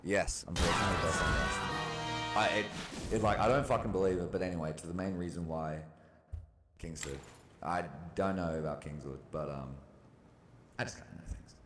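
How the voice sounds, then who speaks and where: A man's voice: deep voice, a little fast, music in the background. A young man venting in a casual monologue, rambling and agitated, swearing often and restarting his sentences. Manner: rambling, profane and agitated, full of restarts and fillers. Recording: loud background noise.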